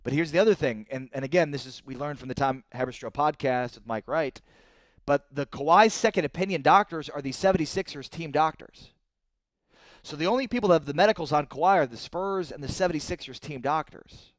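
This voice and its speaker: Excitable sports talk host, dry sound. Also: male voice, on the high side, fairly quick, no echo. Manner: excitable, rises sharply when indignant. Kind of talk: live-streamed sports talk reading viewer comments.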